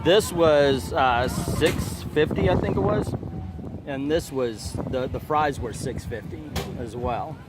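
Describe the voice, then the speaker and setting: A man's voice: medium pitch, takes it slowly, very noisy. A man hosting a casual food vlog outdoors at a theme park festival, joking and reading menu items aloud. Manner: jokey, chatty, reads menu items aloud. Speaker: vlogger host. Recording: outdoor festival with loud background music. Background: music playing nearby.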